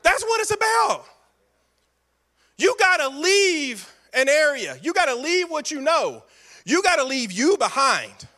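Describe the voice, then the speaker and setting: High-voiced, bright preaching man. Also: sing-song, measured pace. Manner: emphatic, repetitive preaching with playful asides. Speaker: pastor. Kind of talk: sermon.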